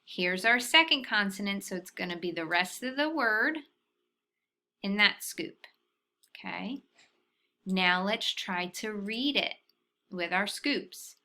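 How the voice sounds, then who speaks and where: A woman teacher walking young children through a phonics lesson, patient and deliberate, checking in often with a soft "okay?". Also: mid-range voice, animated.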